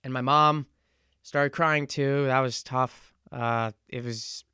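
A man in his twenties hosting a solo podcast, talking in an earnest, reflective and halting way. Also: mid-range voice, fairly even intonation, sharp tone, clean tone, no room sound, clean studio sound. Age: 20s. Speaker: podcast host. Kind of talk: casual solo podcast monologue.

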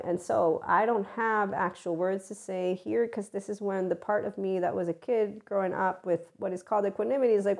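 A woman's voice: medium pitch, a little fast, creaky, few pauses, a little mellow. A woman hosting her channel in a casual, unscripted monologue, blunt and profane, rambling with restarts and mocking the people she talks about. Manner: mocking, acting out voices of others. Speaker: channel host.

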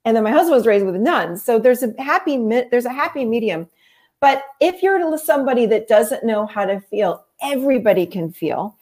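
A middle-aged woman therapist explaining her ideas in an interview, animated and explanatory, often acting out what people say. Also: fairly high pitch, moderate pace. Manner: animated, explanatory, acts out quotes. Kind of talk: conversational interview.

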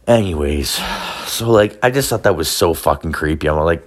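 A man with a fairly low voice, talking alone into a podcast mic at home. He rambles through his story with constant swearing and filler words. His delivery is loose and unscripted, like a running rant. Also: lively intonation, normal speed. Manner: profane, rambling, filler-heavy. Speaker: podcast host.

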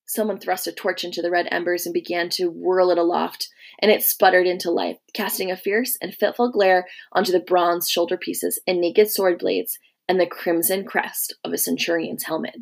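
A woman reads a novel aloud at a steady, measured pace. Her voice sits a little low. It is a calm storybook narration. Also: vocal fry. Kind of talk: storybook reading.

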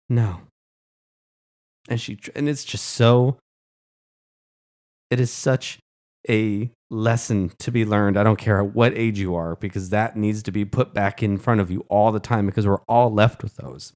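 Man, podcast co-host, earnest, impassioned, fairly low-pitched, casual chat. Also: steady tone, a little slow, darkish tone.

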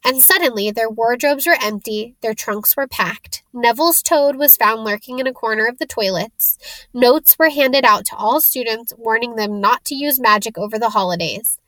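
A woman reads a novel aloud with a steady, clear storytelling manner. Her voice sits a little high, and the recording is close and dry. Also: normal speed, no echo. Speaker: reader.

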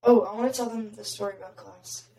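Raspy young woman podcast host, rambly casual chat, kinda far from mic in an echoey room. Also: fairly high pitch, fairly even intonation, fast talker, dark tone. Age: young adult. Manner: chatty, heavy filler "like". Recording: roomy, distant mic.

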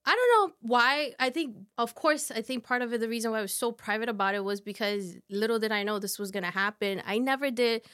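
Halting higher-voiced woman guest. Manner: halting, soft storytelling with many fillers. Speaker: podcast guest. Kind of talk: casual conversation.

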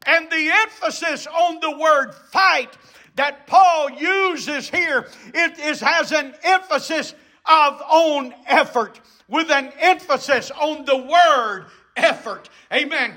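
A male preacher with a strikingly high voice delivers a fervent sermon. He speaks slowly, his tone bright and ringing. He repeats phrases, shouts for emphasis and punctuates his points with "amen".

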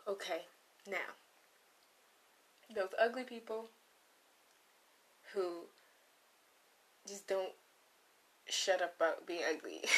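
With a mid-range, fairly bright voice, a young woman vlogs a comedic, offhand monologue into a close microphone. She wanders, loses her thread, and adds playful asides.

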